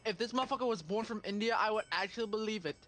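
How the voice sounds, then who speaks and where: A man's voice: high voice, very fast, a bit bright. A man in casual voice chat banter, crude and swearing freely, over a noisy line.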